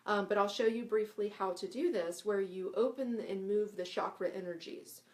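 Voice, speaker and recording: A woman's voice: medium pitch, normal speed. Chatty woman teaching breathing exercises. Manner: chatty, often checks in with 'right?' and 'okay?'; demonstrates breathy 'ha' sounds and chants. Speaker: spiritual teacher. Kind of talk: casual live instructional talk.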